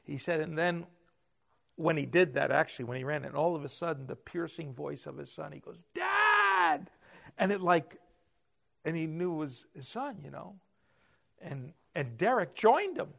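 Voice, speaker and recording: Man preaching, gravelly voice, slightly high pitch, dramatic swings from loud to quiet. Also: normal speed. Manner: animated preaching, swings from loud emphasis to hushed asides. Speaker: pastor. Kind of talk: sermon.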